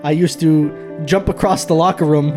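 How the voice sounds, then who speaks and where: A man's voice: a little high, normal speed, music in the background. A young man telling stories in a casual podcast chat, laughing often as he talks. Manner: laughing often, animated storytelling. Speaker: podcast host.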